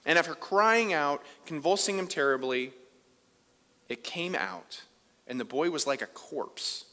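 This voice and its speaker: A man preaching a sermon as pastor, conversational, moving between loud emphasis and quiet asides. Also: on the high side, lively intonation, measured pace. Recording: long reverb of a large hall.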